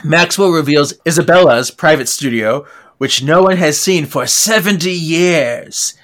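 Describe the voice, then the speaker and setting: A man's voice: fairly high pitch, measured pace, a bit bright. A man co-hosting a casual book discussion podcast, recapping chapters animatedly and slipping into character voices. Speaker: podcast co-host.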